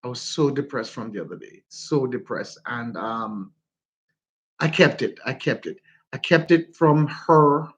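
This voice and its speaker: A man with a Jamaican accent, hosting a casual livestream and warmly greeting his viewers by name. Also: mid-range voice, lively intonation, measured pace, husky. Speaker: livestream host.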